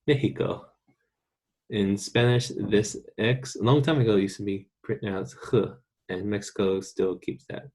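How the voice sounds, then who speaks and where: This recorded online Spanish lesson is taught by an American man whose voice is fairly low and darkish. He repeats words patiently and slowly so learners can practice along.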